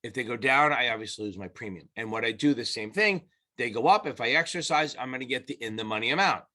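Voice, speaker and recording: Working at a whiteboard, a male tutor explains things casually to exam students, restarting lines and dropping the occasional swear. He's animated and quick, his medium-pitched voice pushed and bright.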